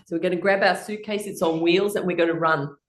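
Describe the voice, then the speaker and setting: A middle-aged woman teaching a guided laughter exercise class, playful and laughing often as she leads rhythmic ha-ha chants. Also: fairly low pitch.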